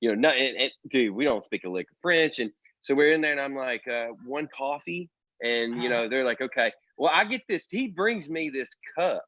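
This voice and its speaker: A man in a casual chat telling animated, slangy road stories. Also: medium pitch, brisk, few pauses, no room sound, lo-fi sound. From United States. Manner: animated storyteller, slangy and laughing. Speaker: band member co-hosting a chat.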